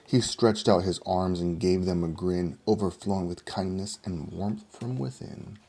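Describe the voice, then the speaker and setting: Deep, gravelly male storyteller. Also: measured pace, slight background noise. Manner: steady, rhythmic storytelling. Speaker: storybook reader. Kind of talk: rhyming picture-book read-aloud.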